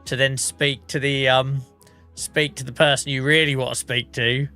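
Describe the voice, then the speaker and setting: Norfolk bloke in his 40s, under the weather and coughing, swears a lot, jokes about himself, sharp bright voice. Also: mid-range voice, level tone, moderate pace, faint music behind. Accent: Norfolk English. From England. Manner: chatty, swearing, self-mocking. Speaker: game streamer. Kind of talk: casual live-stream chat.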